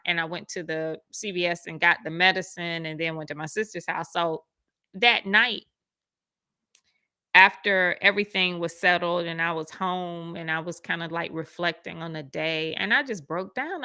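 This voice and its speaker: A woman casually telling a personal story, animated and acting out the voices of the people in it. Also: moderate pace, no room sound. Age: adult with school-age kids. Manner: animated, acts out quoted voices with big pitch jumps. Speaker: speaker sharing a personal testimony.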